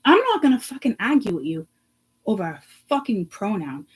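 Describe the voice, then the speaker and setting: Woman, vlogger, profane rant, heated, blunt, medium pitch. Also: wildly swooping pitch, normal speed, breathy edge, poor audio. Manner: profane, heated and blunt, swings from hushed to loud. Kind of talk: ranting to camera.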